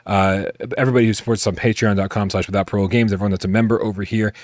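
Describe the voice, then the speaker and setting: A man's voice: on the low side, fairly even intonation, racing, dry recording. A man hosting a live podcast in casual chat, laid-back and swearing freely as he thanks his viewers. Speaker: podcast host.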